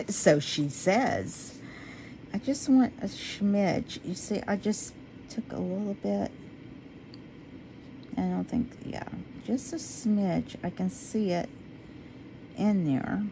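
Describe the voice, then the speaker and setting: A woman chatting casually to her viewers as she works on a craft project. She talks to herself while she works and drifts into low, quiet talk when she concentrates. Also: slow, long pauses, noisy background. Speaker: resin craft vlogger.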